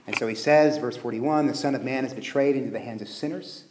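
A man's voice: mid-range voice, slight background noise. A man preaching a sermon, explaining scripture and briefly acting out the figures in it. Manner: lively, acts out biblical figures in quick asides. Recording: echoey room.

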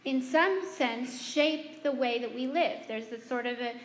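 High-voiced woman speaking in an echoey hall. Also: unhurried, a little hiss or hum. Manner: self-deprecating and humorous; conversational, with restarts and asides. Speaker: speaker addressing students and parents. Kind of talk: speech to a live audience. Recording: echoey hall with long reverb.

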